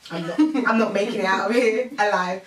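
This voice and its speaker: A young woman telling her story in a casual chat, animated and acting out the voices of others with frequent laughs. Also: mid-range voice, a little fast. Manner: animated, acts out quoted voices, laughs often. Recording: roomy sound from a distant mic.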